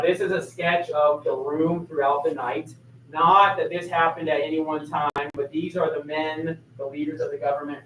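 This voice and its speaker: A male teacher giving a history lecture to a class, telling the story with energy and throwing questions to the students. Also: fairly high pitch. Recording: echoey room, mic far off, faint noise.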